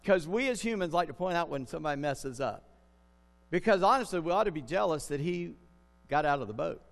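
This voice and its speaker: A man's voice: a little high, animated, a little fast, vocal fry. A man preaching a sermon in a conversational way, putting questions to his listeners. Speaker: pastor. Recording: long reverb of a large hall.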